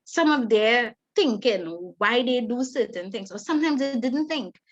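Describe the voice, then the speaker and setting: A middle-aged woman with a Trinidadian accent, giving a lively, fast conversational parenting talk as a webinar facilitator. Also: a little high. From Trinidad and Tobago. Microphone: video call. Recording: dull lo-fi webinar audio.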